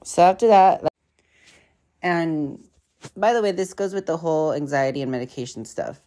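A woman's voice: low-pitched, moderate pace, mellow. A young woman hosting a podcast, telling stories in a rambling, profane, casual way full of fillers. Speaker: podcast host. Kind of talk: casual storytelling chat.

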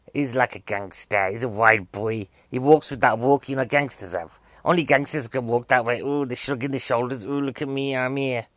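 A man's voice: mid-range voice, a bit bright, no room sound. A man giving a casual, jokey, rambling film review, a bit out of breath.

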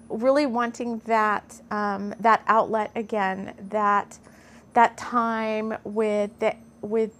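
A woman's voice: fairly high pitch, creaky. A middle-aged woman reading a channeled mystical story aloud, breaking off into earnest, gushing asides and getting emotional. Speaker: spiritual storyteller.

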